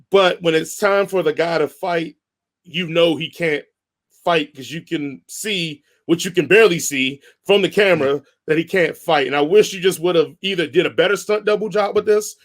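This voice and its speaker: A man co-hosting a podcast, reviewing a film in a casual, animated, rambling way with lots of restarts. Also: a little high. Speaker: podcast co-host. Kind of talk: casual movie review chat.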